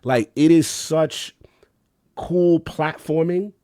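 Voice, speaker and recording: Animated slangy man on a gaming podcast. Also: slow, no echo, clean studio sound. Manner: animated, slangy, acts out quotes with big pitch jumps. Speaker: podcast co-host. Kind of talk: casual gaming podcast chat.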